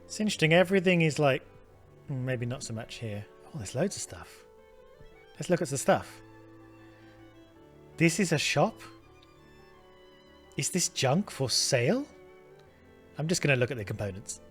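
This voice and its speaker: A man's voice: a little high, very animated, normal speed, pauses often, soft background music. A man, casually thinking aloud while playing a game. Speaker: let's play host.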